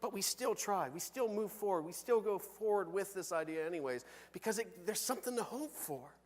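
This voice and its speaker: A man preaching a sermon from the pulpit, conversational and animated, with big swings between loud and soft. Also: high voice, a little fast, in a large hall. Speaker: pastor. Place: church sanctuary.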